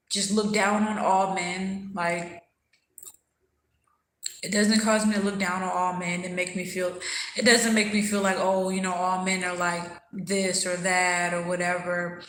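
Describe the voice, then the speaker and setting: A woman's voice: fairly low pitch, level tone, slow pace, long pauses, a bit bright, reverberant, slight background noise, poor audio. A woman hosting a casual livestream, talking candidly and thoughtfully while she eats and answers viewers' comments. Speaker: livestream host.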